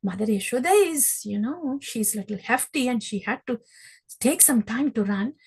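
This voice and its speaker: A woman leads a scripture class, telling the story with lively, animated delivery. Her voice sits a little high and has a husky edge. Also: normal speed, low-quality recording. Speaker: scripture teacher.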